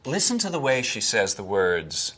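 A man giving expressive, technical commentary on film clips, explaining how actors handle accents. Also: mid-range voice, normal speed.

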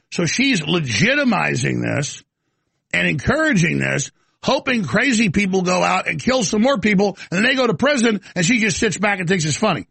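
A heated male talk host ranting live, rambling and tripping over restarts. His voice sits fairly high for a man, gravelly and husky, recorded dry and close. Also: very animated, normal speed, a bit bright, no room sound. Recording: live studio broadcast.

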